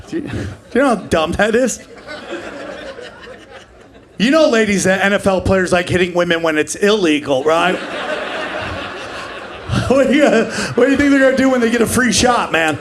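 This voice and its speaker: Man in his forties, stand-up comic, high-pitched, brash and profane, live stage mic, faint room noise. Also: lively intonation. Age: 40s. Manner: brash, profane, acts out characters in quick bursts. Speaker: stand-up comedian. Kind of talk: stand-up comedy set. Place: live comedy club stage. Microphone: handheld stage mic.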